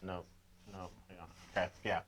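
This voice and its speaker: A man co-hosting a casual chat, easygoing and agreeable, often clearing his throat and saying okay. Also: sits low, level tone, moderate pace, background noise. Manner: laid-back, agreeable, with frequent "okay, sure" and throat clearing. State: has the hiccups. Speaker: podcast co-host.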